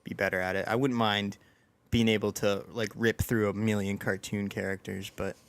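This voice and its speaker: A man's voice: fairly low pitch, little pitch movement, moderate pace, smooth. A young man hosting a podcast in casual chat, talking in a rambling, self-deprecating way with lots of fillers and restarts. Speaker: podcast host.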